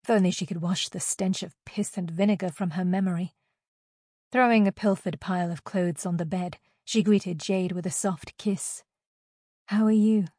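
A woman narrating a novel as an audiobook in a steady, even reading voice. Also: on the low side, normal speed, no room sound, studio quality.

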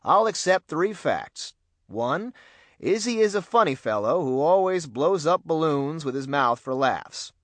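A man playing a calm police chief father. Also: a little high, no echo. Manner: calm, measured.

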